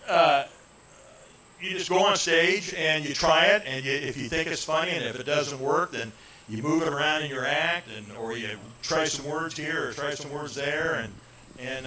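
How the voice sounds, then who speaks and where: A man's voice: fairly high pitch, pushed and bright, slight background noise. A middle-aged man, a comedian chatting and telling jokes in a rambling, self-deprecating way. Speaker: comedian guest. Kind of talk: stand-up jokes and casual chat. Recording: roomy live venue with crowd.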